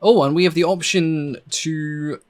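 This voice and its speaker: A young man giving chatty, excitable commentary while playing a naval strategy game, with wry asides. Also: fairly high pitch, a little slow. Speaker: gaming YouTuber.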